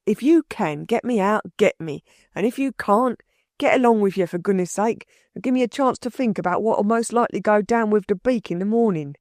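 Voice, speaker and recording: A woman's voice: mid-range voice, brisk, darkish tone, no echo, clean studio sound, close to an everyday voice. A woman voicing a bewildered burglar. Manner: slangy, rambling working-class talk. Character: rough-spoken male London burglar, bewildered, meek.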